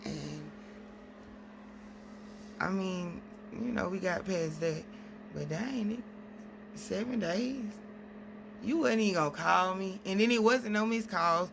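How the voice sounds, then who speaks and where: A woman's voice: mid-range voice, takes it slowly, creaky, long pauses, background noise. A woman venting at length in a casual vlog, rambling through stories with quoted exchanges. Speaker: single mom vlogger.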